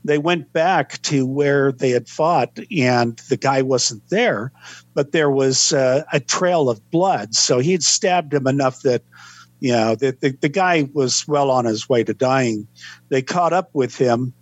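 A man, a historian guest on a podcast, recounting events in a measured, unhurried way with frequent pauses. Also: medium pitch, no echo, dull audio. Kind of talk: podcast interview storytelling.

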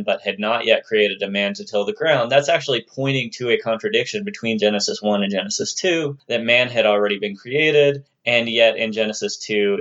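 A man with a low-leaning, somewhat bright voice explains religious texts in a conversational lecture, now and then slipping in playful asides and putting on silly voices for the figures he quotes. The recording is muffled.

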